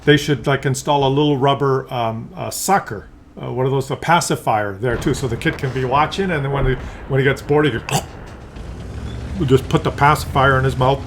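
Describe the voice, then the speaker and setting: A man's voice: medium pitch, noisy background. A man doing casual YouTube commentary, rambling conversationally with many fillers and restarts. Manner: drops into brief acted voices for examples.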